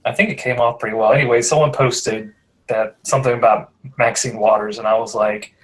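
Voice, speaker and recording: A man's voice: mid-range voice, fairly even intonation, fairly quick, low-quality recording. A man hosting a podcast in casual chat, talking in a sarcastic, chatty way. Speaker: podcast host.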